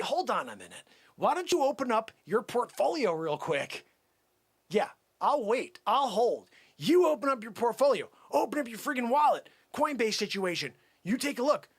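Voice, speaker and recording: A man performing a comic skit rant, mocking and taunting, swinging between loud outbursts and low muttering. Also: very animated, normal speed, breathy edge. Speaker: channel host.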